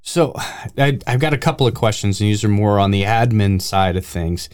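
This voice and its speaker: Man, podcast co-host, lowish voice, interviewer, short affirmations. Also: normal speed, a little mellow, clear, resonant tone. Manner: brief affirmations, "amen", "yeah". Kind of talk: interview, asking questions.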